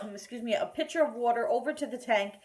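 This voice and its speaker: A woman telling a story in a casual home vlog, chatty and animated, with plenty of fillers and restarts. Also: fairly high pitch, brisk. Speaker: vlogger. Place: at home by a kitchen counter.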